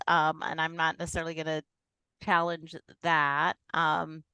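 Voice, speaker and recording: A woman's voice: fairly low pitch, flat delivery, normal speed, bright, forceful tone, clean tone, no room sound. A woman on a design commission giving hesitant, politely skeptical feedback with many fillers. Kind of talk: public meeting critique.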